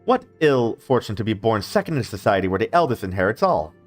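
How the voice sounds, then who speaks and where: A man's voice: on the low side, very animated, fast, soft background music. A man voicing a pompous, spoiled young nobleman, the second son, in a hammy affected posh drawl. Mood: grandiose.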